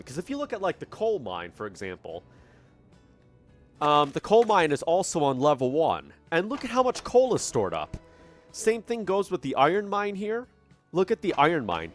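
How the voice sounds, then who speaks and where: A man giving casual commentary on his own train-building game, thinking aloud and puzzling over problems as he plays. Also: a little high. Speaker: gameplay commentator. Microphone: studio dynamic microphone.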